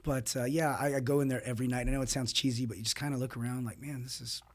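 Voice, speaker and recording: A man, a fight coach appearing as a guest, telling stories in casual interview chat with frequent laughs and quick asides. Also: medium pitch. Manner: animated storyteller, laughs often, quick asides.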